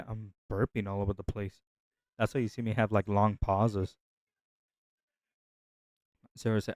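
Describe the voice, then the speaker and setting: A man's voice: fairly low pitch, darkish tone, clear, resonant tone, no room sound. A man hosting a Bible reading channel, reflecting in a casual, rambling way with frequent restarts and filler words.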